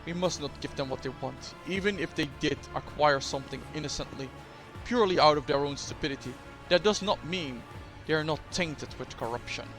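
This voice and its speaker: A man's voice: a little high, brisk, few pauses, music in the background, close to an everyday voice. A man voicing a stern veteran soldier who counsels his captain in a game. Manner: stern, solemn. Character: grim stern male veteran soldier adviser.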